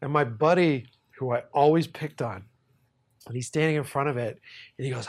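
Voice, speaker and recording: A man's voice: mid-range voice, normal speed. A man hosting a podcast, telling a story in a casual, profane way and often laughing. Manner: animated, profane, laughs while telling stories. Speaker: podcast host.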